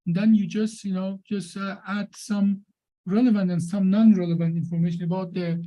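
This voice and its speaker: A man with a non-native English accent walks an audience through a live software demo. His voice is mellow and dark, and his talk is halting, full of fillers and restarts. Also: high voice, level tone, rough recording. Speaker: presenter demonstrating software.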